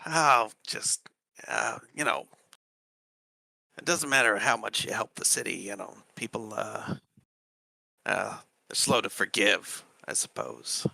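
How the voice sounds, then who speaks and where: Man doing a tired, grumbly dragonborn woman keeping a temple, bright-toned, casual rambling, dry close mic. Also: fairly low pitch, lively intonation, slow, vocal fry, pauses often, dry recording, heavily acted, low-quality recording. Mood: weary. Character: weary female dragonborn temple keeper. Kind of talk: tabletop role-play character voice.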